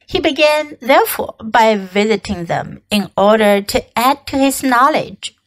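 Slow, high-voiced woman narrating a storybook. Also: rough recording. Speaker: English teacher.

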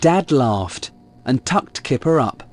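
A man reading a children's picture book aloud, slow, clear and expressive. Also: mid-range voice. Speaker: narrator.

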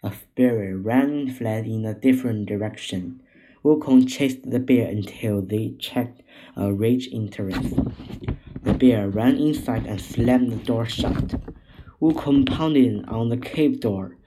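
A man narrating a children's story at an unhurried pace, calm and measured as he reads. His voice is warm and mellow, soft enough for young listeners. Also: medium pitch, a little hiss or hum, low-quality recording. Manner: gentle, measured reading to children. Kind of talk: scripted narration.

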